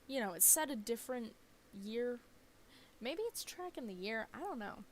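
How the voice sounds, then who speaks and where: A woman's voice: on the high side, animated, normal speed, a little hiss or hum. A young woman streaming a game, chatting casually, laughing often and swearing offhand. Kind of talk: casual let's-play chat.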